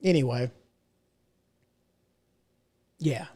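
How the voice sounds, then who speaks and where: Speaking extremely slowly, a middle-aged podcast host rants casually on his own in a mellow, mid-range voice with a breathy edge. He rambles, restarts sentences and tosses in self-mocking asides.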